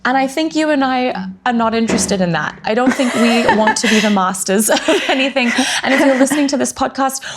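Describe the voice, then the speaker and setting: A woman co-hosting a yoga podcast, talking casually in a gushing, warm way and laughing easily. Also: a little high. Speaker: podcast co-host; yoga teacher. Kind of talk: casual chat.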